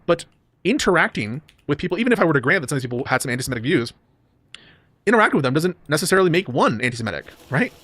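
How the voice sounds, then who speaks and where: A man's voice: a little high, big pitch swings, rapid-fire, a bit bright, dry recording. A man in a debate discussion, speaking in a defensive, insistent way.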